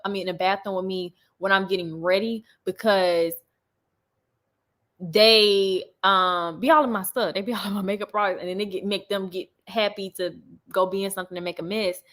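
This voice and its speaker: A young woman talking casually to her livestream viewers, reading and answering comments as they come in. Her speech is loose and chatty, often broken by laughter. Her voice sits at an ordinary middle pitch. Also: fairly even intonation, a little fast, a bit bright. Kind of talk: casual chat.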